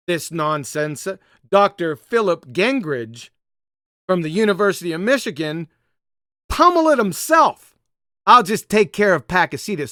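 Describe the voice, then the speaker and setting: A man's voice: high voice, sharp tone, no room sound, studio quality. A man hosting a live online discussion, mocking and emphatic, often calling out to viewers. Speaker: host.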